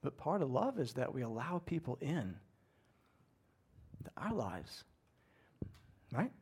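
A middle-aged pastor preaching in a conversational, animated way, acting out people's inner voices. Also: male voice, medium pitch, takes it slowly, slightly rough. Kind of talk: sermon.

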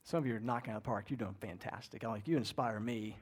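A middle-aged pastor preaching in a conversational, animated way, acting out people's inner voices. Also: male voice, on the low side, quick pace, slightly rough. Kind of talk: sermon.

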